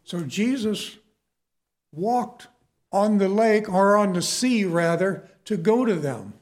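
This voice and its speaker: A man's voice: high-pitched, expressive, slow. A man preaching a sermon in an earnest, emphatic way, often addressing his listeners as folks.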